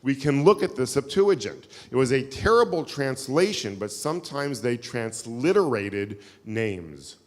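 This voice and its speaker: Delivering a keynote lecture with audience questions in a synagogue hall, a man tells stories in a chatty, self-deprecating manner full of fillers. His mid-range voice is sing-song and unhurried with few pauses, and the hall is reverberant.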